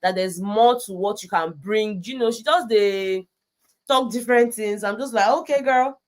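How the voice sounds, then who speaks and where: A woman with a Nigerian accent chatting through a casual recap vlog, animated, peppering her talk with "you know" and slipping into Pidgin. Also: medium pitch, normal speed. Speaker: reality show recap vlogger.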